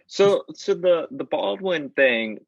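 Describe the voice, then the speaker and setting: A man's voice: a little high, lively intonation, takes it slowly, vocal fry, dry recording, dull audio. Self-deprecating man in casual chat. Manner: hedging, self-deprecating, laughs often. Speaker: podcast co-host.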